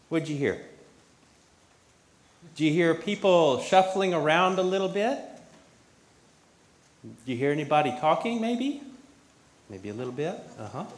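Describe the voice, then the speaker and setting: A man giving a children's sermon in church, questioning the children as he talks. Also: fairly high pitch. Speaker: pastor. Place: church sanctuary. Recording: echoey church with faint room noise.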